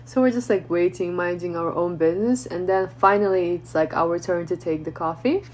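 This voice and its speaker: A woman vlogger telling a casual story in a chatty way, full of fillers and lively retelling. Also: on the low side, normal speed, low-quality recording. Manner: chatty, peppers speech with "like", animated retelling.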